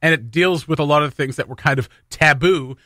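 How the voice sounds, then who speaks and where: A man with a bright, forceful tone talks eagerly on a morning radio show, explaining at length and laughing easily. His voice sits at an ordinary pitch, recorded close and dry in a studio. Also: fairly quick, dry recording. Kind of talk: casual morning radio banter.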